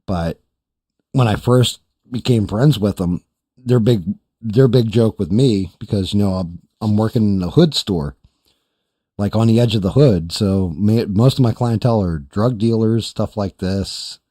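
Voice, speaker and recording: This podcast host speaks in a low, dark, slightly rough voice at a measured pace, recorded clean in a studio with no room sound. He rambles loosely through a long, profane story, quoting other people's voices in casual chat.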